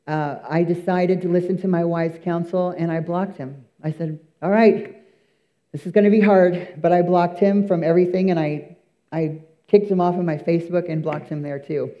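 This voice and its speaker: A man's voice: on the high side, steady tone, normal speed, highs cut off. A man giving an earnest, emphatic church testimony, telling his story with many fillers and restarts.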